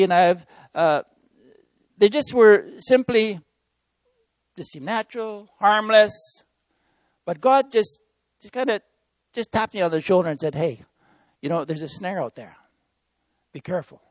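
A man with a fairly high voice preaches an informal sermon, earnest and conversational. He is a missionary speaking to the congregation as friends. The sound is dry and close, with no room echo.

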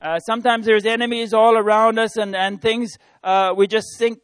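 A man's voice: sits high, flat delivery, moderate pace, smooth, no echo. A man who works as a missionary, preaching an informal sermon in an earnest, conversational way and speaking to listeners as friends.

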